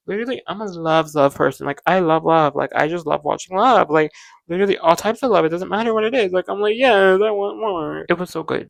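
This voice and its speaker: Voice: medium pitch, vocal fry, fairly bright tone, smooth, no room sound. Gushing, rambling pop-culture podcast host. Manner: gushing, rambling, heavy use of "like". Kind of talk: casual pop-culture chat.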